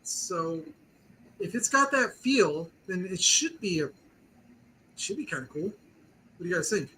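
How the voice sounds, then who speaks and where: A man's voice: high voice, sing-song, unhurried, bright, forceful tone, slight background noise, rough recording. A man hosting a casual pop-culture chat show, talking eagerly and rambling with lots of "like" fillers. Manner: eager, rambling, heavy use of "like". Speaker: podcast host.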